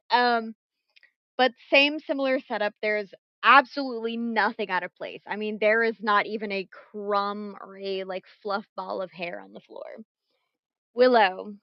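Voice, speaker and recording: A woman running a tabletop game as game master, casual and animated, swearing freely, at her computer mic. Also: medium pitch, dry recording, muffled recording.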